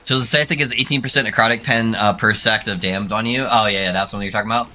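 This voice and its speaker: A man's voice: fairly low pitch, fast talker, faint music behind. A young man streaming a game, chatting casually and loosely with his viewers, with a soothing narrator-like voice and a frequent easy laugh. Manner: relaxed, rambling, laughs often. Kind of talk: casual gaming stream chat.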